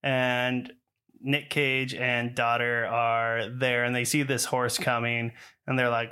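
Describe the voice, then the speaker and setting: Podcast guy with a bright voice, chatty and animated, acting out scenes as he recaps a movie. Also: medium pitch, slow, clean tone. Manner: animated storytelling, laughs often, mimics characters. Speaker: podcast co-host. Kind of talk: casual chat, retelling a film plot.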